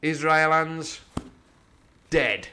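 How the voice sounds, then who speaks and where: A man reading a classic adventure novel aloud as host of a live stream, with animated, jokey asides. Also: fairly high pitch, extremely slow. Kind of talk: storybook reading with live commentary.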